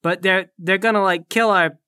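A man playing a tabletop role-play game, flustered and stammering as he talks fast. His voice is bright and forceful. The sound is close and dry. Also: high-pitched, fairly even intonation, clean tone, no room sound. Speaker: player.

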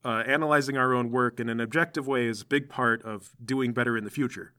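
A man voicing a friendly, down-to-earth male superhero who leads a small team, speaking in a relaxed, reassuring and chatty way. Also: medium pitch, fast talker, close to an everyday voice. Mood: explaining.

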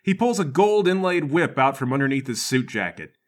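A man narrating a tabletop game as game master, in a playful, animated way. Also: medium pitch, brisk.

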